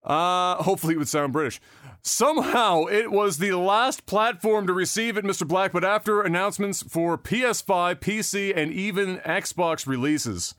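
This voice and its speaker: A man's voice: high voice, moderate pace, a bit bright, no echo, clean studio sound. Sarcastic man hosting a gaming podcast. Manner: sarcastic, swears freely, offhand; loose delivery with many fillers and restarts. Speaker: podcast host. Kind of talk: casual gaming news chat.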